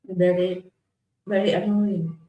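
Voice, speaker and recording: A woman's voice: lowish voice, fairly even intonation, slow pace, narrow, tinny audio. A woman who joins the host's casual livestream with short, plain comments. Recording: echoey room with faint background noise.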